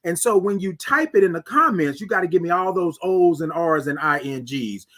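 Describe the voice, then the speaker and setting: A man with a Texan accent hosting a live morning stream, chatting with viewers and singing out long, drawn-out greetings. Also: high-pitched. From Texas. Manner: animated, sings out drawn-out greetings. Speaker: host.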